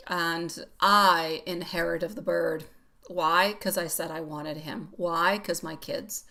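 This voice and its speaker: Bright, chatty woman tarot reader. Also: lowish voice. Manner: chatty, affectionate, laughs often. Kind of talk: live-stream tarot reading and chat.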